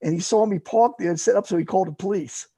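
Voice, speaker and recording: Middle-aged man, casual storyteller, gravelly and husky, loose rambling delivery. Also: high voice, fast talker, warm tone, no echo. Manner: rambling, lots of fillers and restarts. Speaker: guest, paramotor fly-in organizer.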